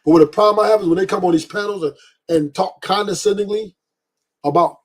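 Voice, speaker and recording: A man's voice: sits high, fast, slightly rough. A man hosting a livestream, ranting bluntly with profanity and repeated emphasis. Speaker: podcast host. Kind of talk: livestream commentary rant.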